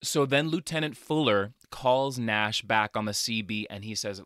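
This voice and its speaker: A man's voice: on the low side, normal speed, no room sound. A man co-hosting a podcast, casually retelling a movie scene and acting out the characters' lines, a close mic and headphones at home. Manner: animated storyteller, acts out dialogue. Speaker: podcast co-host. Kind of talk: casual chat recapping a movie.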